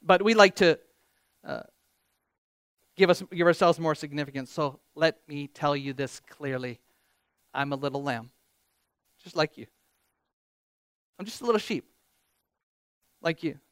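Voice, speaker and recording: A man preaching a sermon as pastor, animated, reading scripture with rising emphasis and joking about himself. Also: on the high side, measured pace, long pauses, smooth, dry recording. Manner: animated, quotes scripture with rising emphasis, self-deprecating humor.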